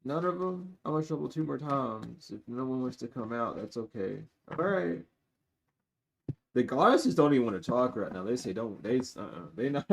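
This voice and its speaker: A man giving a live-streamed tarot reading to his viewers. He is blunt and profane, and he swings between loud outbursts and low muttering asides. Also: expressive, moderate pace, creaky, a little hiss or hum. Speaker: tarot reader.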